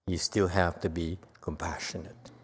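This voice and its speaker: A man's voice: low voice, flat delivery, normal speed, breathy edge. A man giving a Buddhist dharma lecture in a temple hall, talking to the audience in a teasing, conversational way and asking them questions. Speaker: Buddhist teacher.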